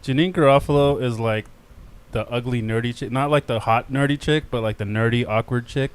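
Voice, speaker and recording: A man's voice: medium pitch, fairly quick, smooth. A man co-hosting a casual podcast, dropping dry, teasing quips. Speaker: podcast co-host. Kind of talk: casual chat.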